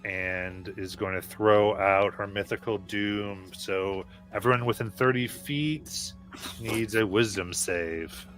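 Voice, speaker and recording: A man's voice: fairly low pitch, slow pace, fairly bright tone, soft background music. A man acting as game master, calling for saves and narrating turns in a tabletop game.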